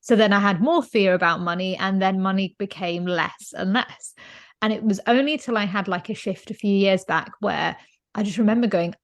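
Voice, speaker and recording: A woman with a mid-pitched voice hosts a podcast. She tells stories in a casual, chatty way, and her phrasing is full of fillers and restarts. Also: normal speed. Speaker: podcast host. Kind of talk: casual conversational storytelling.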